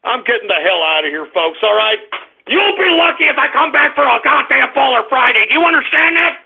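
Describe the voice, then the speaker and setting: A man voicing a furious, squeaky-voiced radio host who shouts and curses at his audience in an exasperated rant. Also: animated, a little fast, creaky, slight background noise, heavily acted. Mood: fed up. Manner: shouting, cursing, exasperated ranting. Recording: tinny phone-line radio stream.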